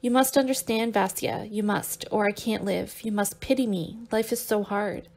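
A woman's voice: mid-range voice, fairly even intonation, moderate pace, vocal fry, a little mellow. A woman voicing an impulsive young man who is emotional and imploring, in an audiobook. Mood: pleading.

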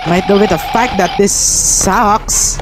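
A gameplay streamer commentates his horror game run in a high voice at a slow pace, frantic, panicky and swearing constantly. Game music and other noise fill the background.

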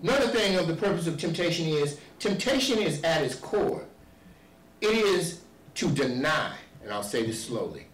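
A man's voice: fairly high pitch, sing-song, moderate pace, slight background noise. Preaching man in an echoey hall. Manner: preaching with rising, shouted emphasis and repeated "see". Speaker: pastor. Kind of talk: sermon. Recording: echoey church hall, voice from far off.

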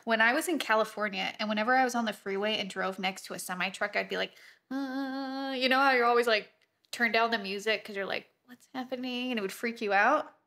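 A woman's voice: mid-range voice, fast talker, sharp tone. A woman, teaching a watercolor painting tutorial in her home studio and chatting casually as she works. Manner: chatty, easily distracted while painting. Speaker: watercolor instructor.

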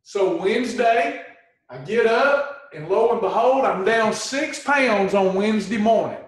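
Folksy animated man, echoey. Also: high voice, unhurried, recorded from a distance. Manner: folksy, animated, acts out people's complaints. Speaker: weight loss coach. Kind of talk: livestream coaching talk.

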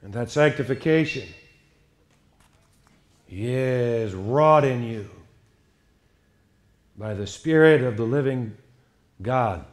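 A man pastor preaching an evening sermon, emphatic and swinging between hushed passages and loud outbursts. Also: medium pitch, animated, takes it slowly, long pauses.

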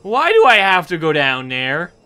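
A man's voice: a little high, wildly swooping pitch, moderate pace, sharp tone. Jumpy young man playing a horror game. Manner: nervous, jumpy, talks to objects, screams at scares. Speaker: gaming YouTuber. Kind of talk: horror game let's play commentary.

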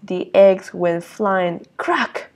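A woman teaching young children at circle time, reading a picture book aloud in an expressive way. She often stops to exclaim and to ask the children questions. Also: medium pitch, extremely slow. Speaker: early years teacher.

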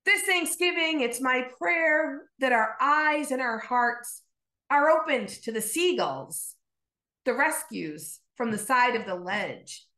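A woman pastor with a high, bright voice tells a story and prays at a slow pace. Her pitch moves a lot. The sound has the echo of a room. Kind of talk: storytelling sermon and prayer.

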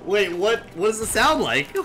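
A man co-hosting a game stream in casual chat, laughing often, greeting viewers and reacting loudly. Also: high-pitched, sing-song, normal speed. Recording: loud game music under the voice.

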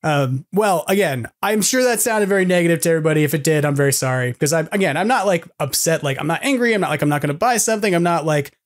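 A man hosts a casual podcast in a rambling, self-deprecating way, laughing between thoughts. His voice sits a little high. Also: expressive, fast talker, hardly any pauses. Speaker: podcast host.

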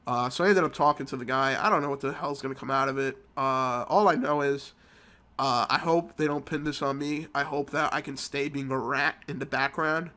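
Bright-voiced, cursing man gaming vlogger. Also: mid-range voice, steady tone, a little fast. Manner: rambling, profane storytelling. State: sick with a cold. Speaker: mobile game channel host. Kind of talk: casual gameplay commentary.

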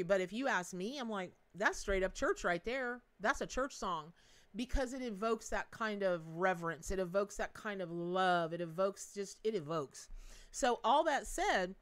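A middle-aged woman running a live tarot stream. She talks in a bubbly, rambling way, laughs often and drops folksy asides to her viewers. Her voice sits at an ordinary pitch for a woman. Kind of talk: chatty live-stream reading.

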